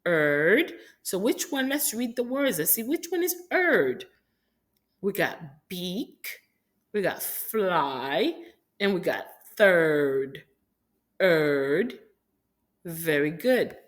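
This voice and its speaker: A woman's voice: on the low side, very animated, slow. A woman from Haiti teaching rhyming sounds to young children in an encouraging, sing-song teacher manner. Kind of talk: phonics lesson for young children.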